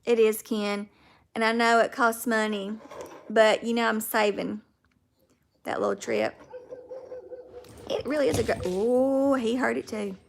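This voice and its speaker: Chatty Southern woman with a gravelly voice. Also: fairly high pitch, fairly even intonation, unhurried, pauses often, a little hiss or hum. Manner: chatty, talks to viewers by name. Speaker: livestream host. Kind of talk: casual livestream chat reading viewer comments.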